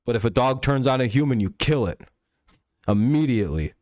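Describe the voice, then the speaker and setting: A man's voice: mid-range voice, expressive, a little fast, darkish tone, no room sound, studio quality. A young man hosting a casual talk stream, arguing heatedly with profanity and lots of repetition and restarts. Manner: argumentative, profane, repeats himself. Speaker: host.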